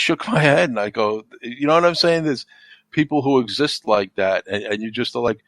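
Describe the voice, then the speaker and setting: A middle-aged man in casual podcast talk, rambling and repeating words, turning animated when he tells a story. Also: medium pitch, fairly quick, dry recording. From United States. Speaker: podcast guest. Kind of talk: casual chat.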